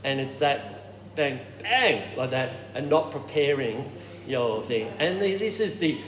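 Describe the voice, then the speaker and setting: A man leading a choir warm-up workshop, explaining technique and showing it with hums and falsetto sounds. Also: animated, a little slow. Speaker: choir director. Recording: roomy hall with reverb and noise.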